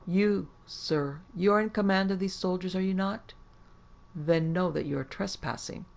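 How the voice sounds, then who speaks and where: A woman voicing a gaunt, sinister gentleman sorcerer who speaks in a well-bred, superior way with a faint foreign accent. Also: lowish voice, normal speed, gravelly, dull audio, pitched above the performer's own voice. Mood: scornful.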